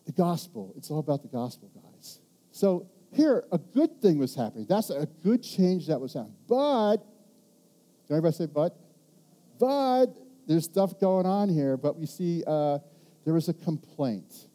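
A man preaching a sermon, animated and rambling, asking the congregation rhetorical questions and restarting his sentences. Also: a little high, moderate pace. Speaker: pastor.

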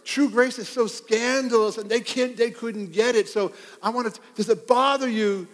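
Animated high-voiced male preacher in a reverberant hall. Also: moderate pace. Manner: animated storytelling, laughs at own stories. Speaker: pastor. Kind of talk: sermon.

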